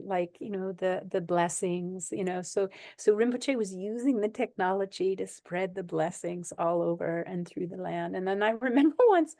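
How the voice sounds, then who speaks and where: A woman from the United States tells animated stories as a guest, breaking into laughter often. Her voice sits fairly low. The recording is close and dry. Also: no room sound. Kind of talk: conversational storytelling.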